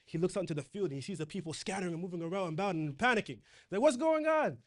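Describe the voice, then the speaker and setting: A man's voice: high voice, rapid-fire. A man preaching a sermon in a conversational way, reading scripture aloud and retelling it in casual slang.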